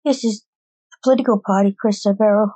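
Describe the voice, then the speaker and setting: A woman reads a stern male agent who lectures his daughter. She stays close to her own mellow voice. The sound is dry and close. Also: mid-range voice, fairly even intonation, quick pace, slightly rough, dry recording, natural voice.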